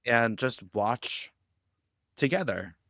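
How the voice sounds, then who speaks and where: A man speaking as a guest on a podcast interview, explaining ideas with lively anecdotes and acting out quoted lines. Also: mid-range voice, slow, creaky, no echo, clean studio sound. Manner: animated storytelling, acts out quoted lines. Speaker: guest on a youth ministry podcast.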